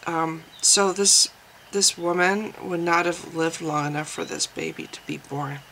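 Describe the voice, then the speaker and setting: A woman's voice: on the low side, animated, measured pace, fairly bright tone, a little hiss or hum, poor audio. A woman vlogger giving casual spoken commentary, thinking aloud with frequent restarts and hesitations.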